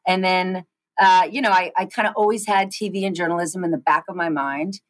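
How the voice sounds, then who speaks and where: A woman in her forties, a guest in an interview, telling quick animated stories with frequent restarts. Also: on the low side, no room sound, poor audio. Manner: animated, fast storytelling with many restarts. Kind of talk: storytelling interview chat.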